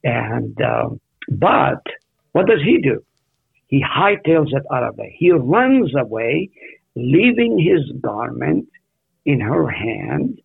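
A man's voice: mid-range voice, slow pace, vocal fry, slightly rough, no echo. A man teaching a Bible study, asking his listeners questions as he goes through the text. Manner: animated, asks the listeners questions. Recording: tinny phone-like radio audio.

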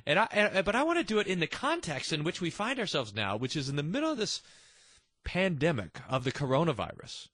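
A man's voice: on the high side, very animated, a little fast, fairly bright tone, no room sound, clean studio sound. A man hosting a devotional podcast, talking earnestly and animatedly, often restarting his sentences. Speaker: podcast host.

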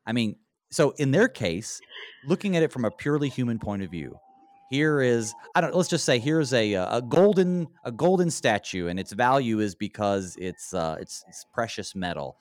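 A man leading a conversational Bible study, animated and acting out quoted lines in a lifted voice. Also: mid-range voice, normal speed, no room sound. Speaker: pastor.

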